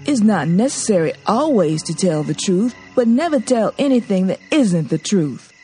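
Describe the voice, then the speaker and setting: A woman voicing an earnest, gentle young man who counsels a girl. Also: medium pitch, very animated, moderate pace, faint music behind, close to an everyday voice. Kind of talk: audiobook character voice.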